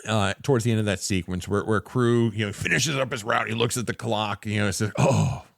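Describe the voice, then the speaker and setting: A man's voice: lowish voice, fast, gravelly, no room sound, studio quality. A man co-hosting a casual movie podcast who rambles, jokes and slips into little voices. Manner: rambling, animated, fond of doing voices. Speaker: podcast co-host. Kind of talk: casual movie-review chat.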